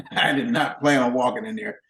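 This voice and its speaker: An older man, a guest musician, telling animated, plain-spoken anecdotes in a relaxed chat. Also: medium pitch, unhurried, vocal fry, echoey room. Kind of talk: casual storytelling.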